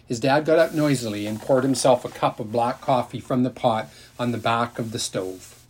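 Man reading a kids book out loud, husky voice, calm and steady. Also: mid-range voice, normal speed. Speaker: narrator. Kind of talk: reading a children's novel aloud.

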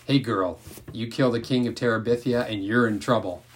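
A man's voice: mid-range voice, moderate pace, lightly acted. Man voicing a shy young schoolboy. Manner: doubtful, plain-spoken. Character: shy, eager young schoolboy who loves drawing.

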